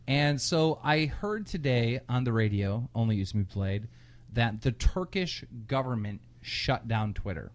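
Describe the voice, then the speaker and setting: A man co-hosting a casual podcast, a bit tipsy, loud and laughing, telling stories with crude language. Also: mid-range voice, expressive, measured pace. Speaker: podcast co-host. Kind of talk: casual drunk podcast chat.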